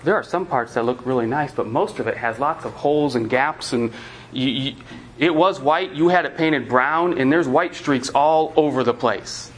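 A man's voice: medium pitch, normal speed, a little hiss or hum, rough recording. A man preaching to parents in a conversational sermon style, telling a story and acting out the lines of the people in it. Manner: conversational preaching with acted-out quotes. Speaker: pastor.

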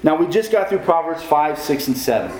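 A man's voice: a little high, big pitch swings, a little fast, a little mellow, roomy sound, a little hiss or hum, low-quality recording. A man preaching a sermon as pastor, putting questions to the congregation.

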